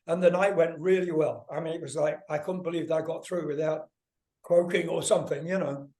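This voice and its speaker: Older man telling stories with animated energy. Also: on the high side, fairly quick. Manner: animated, swears freely, acts out voices in anecdotes. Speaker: guest musician. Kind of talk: casual storytelling interview.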